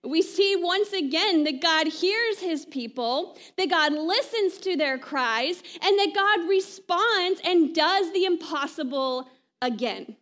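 A woman pastor delivering a sermon in a conversational way, often checking in with "right?" and trailing off softly at the ends of phrases. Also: very high voice, lively intonation, slow. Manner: conversational preaching, frequent "right?" asides.

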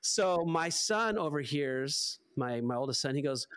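Middle-aged man, pastor guest, loose animated storyteller, filler-heavy casual delivery. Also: fairly high pitch, unhurried, few pauses, clean tone. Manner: animated, chatty, lots of "like" fillers.

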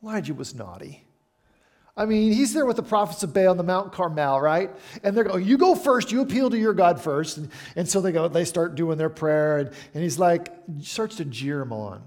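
A middle-aged man delivers a sermon in an easygoing, conversational way, tossing questions to the room. His voice sits a little high and swings widely in pitch as he preaches. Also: moderate pace. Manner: animated, conversational preaching with asides to the congregation. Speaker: pastor.

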